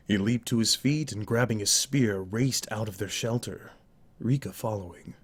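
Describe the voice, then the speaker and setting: A man narrating a novel aloud in a live-streamed dry reading, deliberate and with occasional self-corrections. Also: fairly low pitch, husky. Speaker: audiobook narrator.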